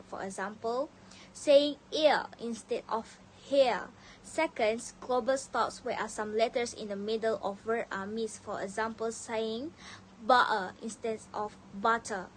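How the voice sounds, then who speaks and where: Young woman student presenting with hesitant pauses. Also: on the high side, slight background noise, rough recording. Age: young adult. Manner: reads carefully with frequent "uh" pauses and slips. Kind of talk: reading a prepared class presentation.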